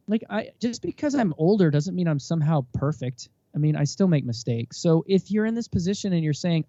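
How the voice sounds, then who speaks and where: A man's voice: on the high side, fast talker, dry recording, dull audio. A man in his thirties, a podcast guest telling candid stories and acting out bits of dialogue. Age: 30s. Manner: animated storytelling, acts out dialogue. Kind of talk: candid interview talk.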